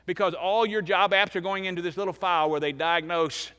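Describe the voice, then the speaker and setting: A man in his fifties preaching a sermon as pastor, emphatic, swinging between loud and hushed. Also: high-pitched, steady tone, a little fast, clean tone. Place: church sanctuary. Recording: long reverb of a large church hall.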